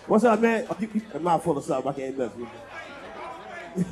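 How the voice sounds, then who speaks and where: A man doing crude, loud stand-up comedy and teasing the audience in a live comedy club. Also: on the high side, big pitch swings, moderate pace, a faint crowd. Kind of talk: stand-up with crowd work.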